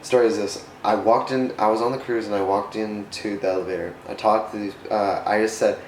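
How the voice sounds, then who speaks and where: A fairly low-voiced man talks earnestly about faith in a casual vlog, rambling and often correcting himself mid-sentence. His voice rings in a roomy, echoey space, with a faint hum of ambience behind it. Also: fairly even intonation, brisk. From United States. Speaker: vlogger. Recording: roomy echo.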